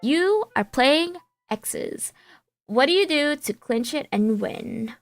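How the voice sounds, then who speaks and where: A playful woman streamer with a fairly high voice, reading a game's text aloud and rambling between lines. Her voice is dry and close to the mic. Faint music plays underneath. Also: animated, slow pace, no room sound. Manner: playful, rambling with fillers and restarts.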